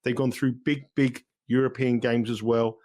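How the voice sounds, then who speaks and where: A man's voice: medium pitch, level tone, normal speed, darkish tone. A man with a London accent, a betting expert guest chatting casually on a podcast, repeating words as he goes. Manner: chatty, repeats words, sort of and you know.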